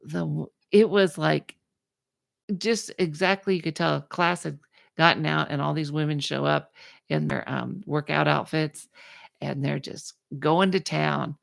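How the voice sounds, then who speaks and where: A woman's voice: low voice, measured pace, vocal fry, no echo, studio quality. A woman hosting a podcast, telling a story in casual chat and acting out the people in it. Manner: animated, acts out the people in her story. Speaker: podcast host.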